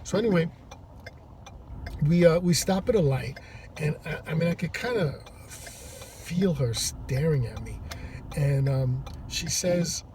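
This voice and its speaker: A man who drives for a rideshare service, telling a story to camera in a halting, rambling way, from inside a parked car. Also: fairly high pitch, animated. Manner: rambling, halting with many restarts. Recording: distant mic with loud traffic noise. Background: loud vehicle and road noise.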